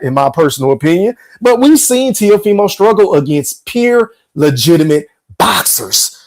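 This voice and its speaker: An animated man talking through his fight prediction in an emphatic, slangy way. His voice sits a little on the high side. He hosts the show. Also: low-quality recording. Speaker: podcast host.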